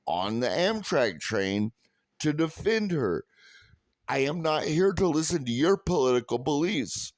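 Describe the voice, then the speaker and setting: A man's voice: medium pitch, no echo. A man from California telling a heated, sarcastic story full of swearing, in a profane rant. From California, USA. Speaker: vlogger.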